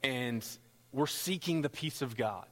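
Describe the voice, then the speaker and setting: A man preaching a sermon as pastor, rising into loud, impassioned passages. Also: unhurried. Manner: builds to loud, high-pitched pleading passages. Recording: long hall reverb.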